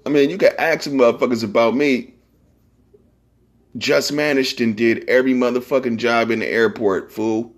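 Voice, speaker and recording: A man's voice: mid-range voice, fairly even intonation, normal speed. Give me a man hosting a podcast in a loose, profane monologue. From San Francisco Bay Area. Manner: profane, rambling, streetwise slang. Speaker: podcast host.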